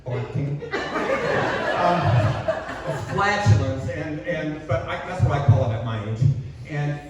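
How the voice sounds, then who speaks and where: A man's voice: fairly high pitch, unhurried, a faint crowd. Older man doing stand-up comedy. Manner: self-deprecating, punchline delivery. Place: small coffee house stage. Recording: echoey, distant, dull, noisy room recording. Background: audience laughter and room ambience.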